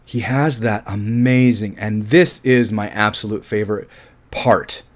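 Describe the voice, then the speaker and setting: A man's voice: lowish voice, steady tone, measured pace. A man giving a casual, rambling film review, thinking aloud and often restarting his sentences.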